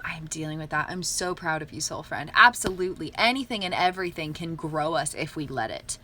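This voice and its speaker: A woman's voice: fairly low pitch, pushed and bright, a little hiss or hum. A young woman talking casually on a livestream, earnest and upbeat, often laughing. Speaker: livestream host.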